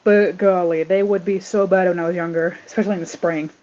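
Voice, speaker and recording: Woman on a stream, low flat voice, kinda muffled lo-fi mic. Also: fast talker. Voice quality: low monotone voice. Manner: relaxed, tells stories about herself. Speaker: voice actor and stream cast member. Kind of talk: casual livestream chat. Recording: dull lo-fi mic.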